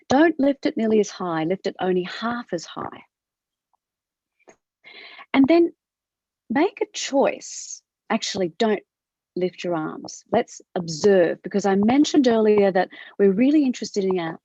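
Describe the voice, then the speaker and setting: A woman with an Australian accent teaching a movement class over a video call, asking gentle questions with a rising lilt. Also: medium pitch, no room sound. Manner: gentle questioning, upward inflection. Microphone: video call from her computer. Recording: dull lo-fi video call audio.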